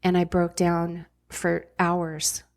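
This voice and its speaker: A woman's voice: fairly low pitch, completely flat delivery, slow pace, vocal fry. A middle-aged woman, a podcast guest and former ER nurse, telling her story candidly in a blunt, casual way with frank swearing.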